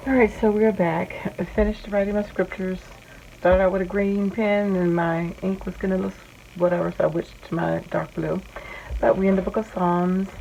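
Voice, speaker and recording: A woman's voice: on the low side, gravelly, warm tone, muffled recording, slight background noise. A woman vlogging casually about her faith journal. She reads verses aloud and then explains the little doodles beside them. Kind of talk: casual show-and-tell vlog narration.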